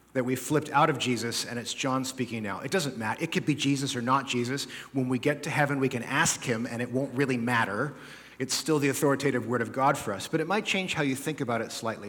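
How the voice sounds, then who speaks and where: A man's voice: medium pitch, fairly bright tone. A man preaching a sermon to a congregation, conversational and explanatory, with jokey asides and frequent checks like "okay?". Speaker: pastor. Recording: long hall reverb.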